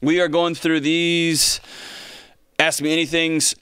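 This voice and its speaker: A man's voice: fairly high pitch, flat delivery, takes it slowly, pushed and bright, clear, resonant tone, no room sound. A man hosting his own podcast in a studio, chatting casually and energetically with rambling, joking asides. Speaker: podcast host. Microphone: studio mic with earphones.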